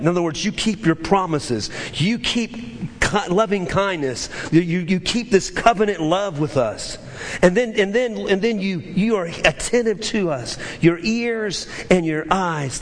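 A man preaching a sermon, his voice swelling high and then dropping low. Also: expressive, measured pace, big-room sound, a little hiss or hum. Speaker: pastor.

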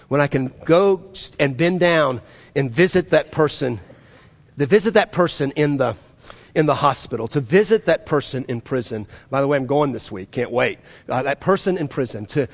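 A pastor delivers an animated sermon in a voice on the high side, acting out the voices he quotes as his tone climbs and falls sharply.

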